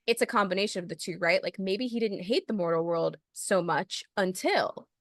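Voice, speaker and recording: A woman with a mid-range voice co-hosts a podcast at a moderate pace, casually and animatedly recapping a film's scenes with laughter. The studio-quality sound has no room echo.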